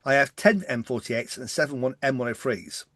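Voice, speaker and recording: A man with a mild English West Country accent, co-hosting a podcast and chatting casually, talking fast when excited. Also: medium pitch, dry recording, studio quality. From West Country, England. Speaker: podcast co-host. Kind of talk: casual chat.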